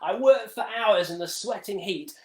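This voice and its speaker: A man's voice: high voice, moderate pace, a little mellow, echoey room. A man hosting a live stream, telling a story in a dramatic, exaggerated way. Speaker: livestream host. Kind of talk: casual storytelling monologue.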